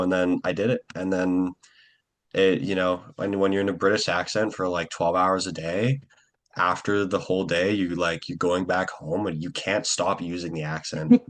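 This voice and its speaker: A young man, an actor, chatting casually in an interview, rambling with lots of fillers and quick acted-out quotes. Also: sits low, steady tone, fairly bright tone.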